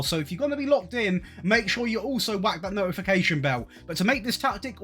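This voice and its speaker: A man's voice: high-pitched, fairly bright tone. A man with an upbeat, chatty manner, giving video game tactics commentary as a YouTuber. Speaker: gaming YouTuber.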